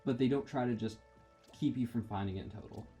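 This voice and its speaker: A gamer rambles through let's play commentary, poking fun at himself as he plays a video game. His medium-pitched voice is quick and mellow, with faint game music behind him.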